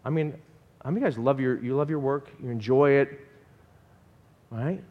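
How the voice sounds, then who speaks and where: A man preaching a sermon in an animated way and asking the congregation questions. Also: mid-range voice, moderate pace, in a large hall, phone-quality sound. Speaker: pastor.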